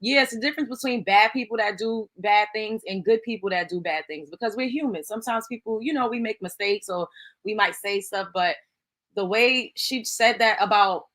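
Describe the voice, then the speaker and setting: A woman's voice: medium pitch, moderate pace, fairly bright tone. A woman co-hosting a casual gossip chat, earnest and rambling, with many "like"s.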